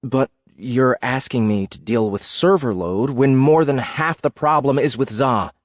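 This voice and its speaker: A man's voice: mid-range voice, unhurried, dry recording, studio quality, close to an everyday voice. An actor voicing a frustrated, earnest male game developer who pushes back against his boss.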